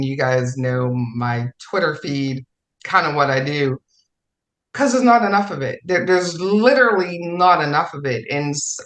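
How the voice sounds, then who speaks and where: A woman speaks in a bright, forceful voice, casual and effusive. She hammers points home by repeating phrases. The room around her is echoey. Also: sits low. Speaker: fellow writer on a podcast panel. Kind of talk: casual podcast chat.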